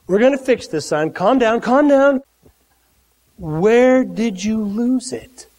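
A man's voice: extremely high pitch, lively intonation, takes it slowly, darkish tone, full character voice. A man voicing a fatherly old prophet, speaking in a casual, reassuring way.

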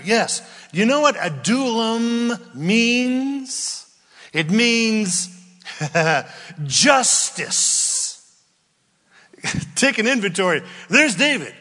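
A man preaching a sermon, swinging from loud outbursts down to near whispers. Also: high-pitched. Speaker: pastor. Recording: long hall reverb.

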